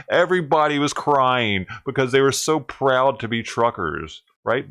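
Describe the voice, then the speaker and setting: A man's voice: mid-range voice, animated, normal speed, few pauses, a bit bright, clear, resonant tone. Sarcastic, profane man ranting on a livestream.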